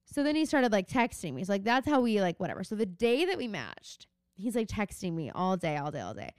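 A young woman co-hosts a podcast in loose, casual chat, filling her sentences with "like" as she rambles through a story. Her voice is smooth and clear. The sound is dry and close, with no room around it. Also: medium pitch, big pitch swings, brisk, dry recording. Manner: chatty, heavy on "like" fillers, laughs often. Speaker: podcast co-host.

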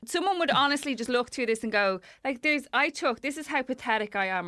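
Woman co-host, bright and slightly high, playful self-mockery. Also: lively intonation, fairly quick, hardly any pauses, no room sound, studio quality. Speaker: podcast co-host. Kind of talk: casual chat.

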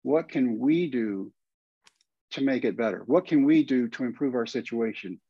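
As a guest on a podcast interview, a former pitcher and coach in his fifties with a Texan accent spins a long story, animatedly acting out what people said. His slightly rough voice is medium-pitched and paced normally. The recording is dry and lo-fi.

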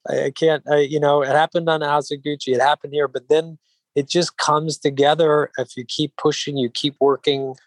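A man, an actor being interviewed, who talks in an even-keeled, mellow way, rambling with frequent restarts and filler phrases. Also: on the high side, moderate pace, dry recording, low-quality recording. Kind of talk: relaxed interview conversation.

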